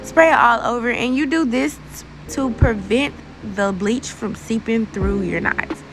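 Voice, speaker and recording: A woman's voice: on the high side, a little slow, slight background noise, rough recording. A young woman chatting informally through a hair tutorial voice-over, using casual slang and talking straight to her viewers. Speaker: beauty vlogger.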